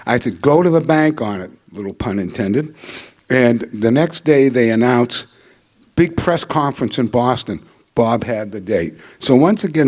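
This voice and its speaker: A man's voice: mid-range voice, very animated, moderate pace. An older man giving a hall of fame acceptance speech at a podium microphone, telling joking stories and anecdotes. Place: ceremony hall.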